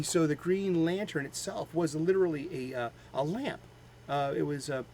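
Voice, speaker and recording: A man with a Boston accent talks casually and eagerly, stopping and restarting his thoughts with plenty of fillers. His voice sits a bit high for a man, and there is a faint hum of ambience behind him. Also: low-quality recording. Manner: rambling, halting, with many fillers; enthusiastic fan. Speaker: host of a daily comics show. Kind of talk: casual chat.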